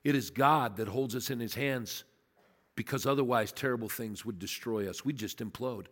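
An older man preaching as a pastor, telling a story and swinging between emphatic peaks and quiet low asides. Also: moderate pace. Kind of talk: sermon. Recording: long reverb of a large hall.

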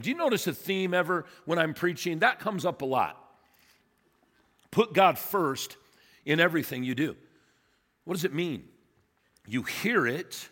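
Emphatic pastor preaching in a reverberant hall. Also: male voice, on the high side, a bit bright. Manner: emphatic, asks the congregation questions. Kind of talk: sermon. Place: church sanctuary. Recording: long reverb of a church hall.

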